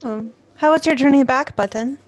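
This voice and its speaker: A woman's voice: high voice, normal speed, dry recording, soft background music. A woman playing a tabletop game, chatty and teasing. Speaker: player. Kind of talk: casual tabletop role-play.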